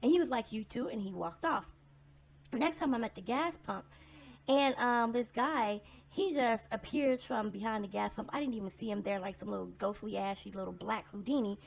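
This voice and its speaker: A woman's voice: on the high side, normal speed, creaky. A woman telling personal stories in a casual vlog monologue, blunt and sarcastic in a conversational way.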